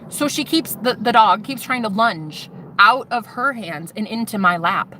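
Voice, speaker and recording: A woman's voice: fairly high pitch, lively intonation, unhurried, sharp tone, a little hiss or hum. A woman vlogger telling an intense personal testimony, swearing and speaking straight to her viewers.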